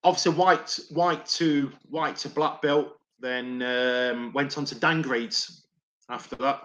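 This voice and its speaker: A man's voice: mid-range voice, steady tone, slow pace, fairly bright tone. A middle-aged man, a former doorman, telling stories to a podcast host in a rambling, repetitive way and swearing often. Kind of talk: casual storytelling.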